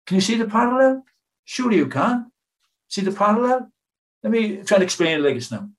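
A man's voice: sits high, big pitch swings, brisk. An older British man preaching a sermon in an earnest, pleading way, asking his hearers many questions.

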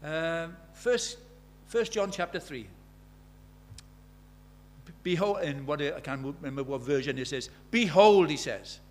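A man preaching a sermon, conversational and animated, swinging from loud exclamations to quiet, intimate tones. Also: fairly high pitch, a little slow, long pauses, a little hiss or hum. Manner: conversational, uses quoted dialogue and filler words.

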